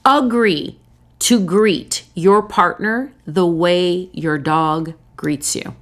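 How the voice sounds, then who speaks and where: A woman hosting a relationship advice talk and speaking straight to her listeners. She uses short, punchy, repeated phrases. Every so often she breaks into excited, high-pitched voices to act out joyful greetings. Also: drawn-out words. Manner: lively, bursts into excited high voices when acting out greetings. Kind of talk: direct advice talk to camera.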